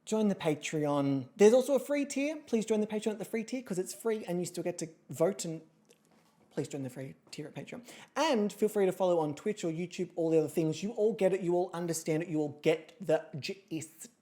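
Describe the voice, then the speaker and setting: Woman host, casual livestream chat, low mellow voice, very lively pitch, jokey and chatty. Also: a little fast. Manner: chatty, jokey, swings into squealing high voices. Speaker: streamer hosting an online model competition. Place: home streaming setup with a pet nearby.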